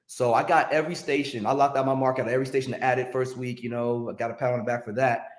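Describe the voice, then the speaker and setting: A man, a longtime record promotion rep, telling stories in a casual interview in an animated, slangy way. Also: medium pitch, quick pace, reverberant. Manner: animated, slangy, restarts when excited.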